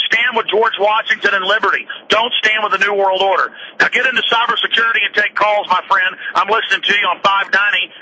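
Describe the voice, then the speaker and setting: Heated, bright-voiced male radio host. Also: sits high, a little hiss or hum, low-quality recording. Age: 30s. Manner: heated, ranting. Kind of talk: talk radio monologue.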